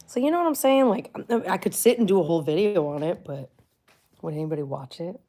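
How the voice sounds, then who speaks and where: A woman's voice: on the low side, sing-song, quick pace. A middle-aged woman vlogger from Florida, chatting casually and rambling through a story, full of likes and asides. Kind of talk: casual chat.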